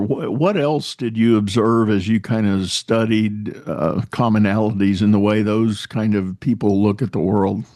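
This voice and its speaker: A man's voice: lowish voice, a little mellow, no echo, studio quality. A man hosting a podcast interview, talking conversationally about coaching and leadership. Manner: conversational, rambling with restarts. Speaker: podcast host.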